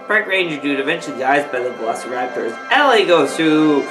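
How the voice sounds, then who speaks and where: A drunk man hosting a rambling comedic movie recap, slipping into squeaky impressions. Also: big pitch swings, brisk, over music, rough recording. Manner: slurring, rambling, bursts into shrill squeaky impressions. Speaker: host.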